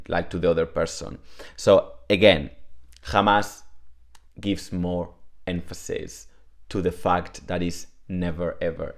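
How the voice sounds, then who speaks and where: Rambling low-voiced man. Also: clear, resonant tone. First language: Spanish. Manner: chatty, rambling, self-deprecating, filler-heavy. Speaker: Spanish teacher. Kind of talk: casual video lesson.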